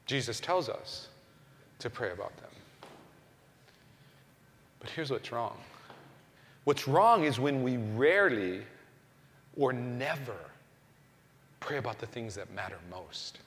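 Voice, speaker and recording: A man's voice: medium pitch, lively intonation, slow, pauses often, fairly bright tone, slight background noise. A man giving a conversational sermon, full of rhetorical questions and restarts. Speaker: pastor. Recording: long reverb of a hall.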